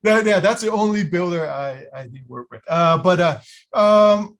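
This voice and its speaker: A man telling stories in a casual interview, animated, acting out quotes with lots of fillers and restarts. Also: sits high, moderate pace. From United States. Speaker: guest, illusion builder.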